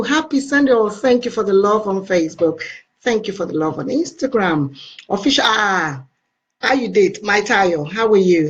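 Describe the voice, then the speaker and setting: A woman's voice: fairly low pitch, lo-fi sound. A woman with a Nigerian accent hosting a casual live stream, effusively greeting and thanking her viewers.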